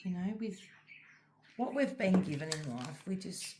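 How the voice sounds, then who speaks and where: A middle-aged Australian woman chats casually as a crafting vlogger, talking in a rather low voice. She rambles through her story with plenty of fillers. A faint hiss with small clicks sits under the recording. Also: lively intonation, unhurried. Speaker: diamond art vlogger. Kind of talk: casual chat while crafting.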